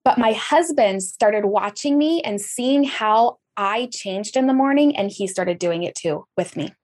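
A woman's voice: medium pitch, expressive, measured pace, darkish tone. A woman telling her story in a casual podcast conversation, with sudden jumps up in her voice for emphasis.

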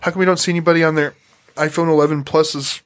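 A man hosts a podcast in a relaxed, profane way, with a fairly high voice. He laughs easily and tells stories loosely. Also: quick pace. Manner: laid-back, profane, laughs a lot. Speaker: podcast host. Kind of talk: casual podcast chat.

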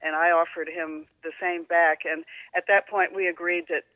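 A woman's voice: lowish voice, level tone, normal speed, no echo, phone-quality sound. A woman guest on a podcast, telling an anecdote in casual conversation with a dry, wry manner.

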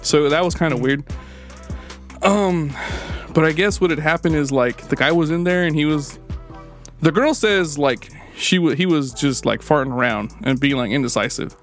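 A man's voice: a little high, normal speed, faint music behind. A man co-hosting a casual podcast, telling rambling, profane stories packed with fillers. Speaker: podcast co-host. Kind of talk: casual storytelling chat.

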